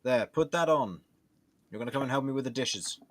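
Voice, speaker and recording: A man's voice: mid-range voice, a little fast, lightly acted. Give me a man playing an impatient, haughty young ghost butler. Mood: irritated. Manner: curt, impatient, commanding. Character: frustrated proud young ghost butler, male.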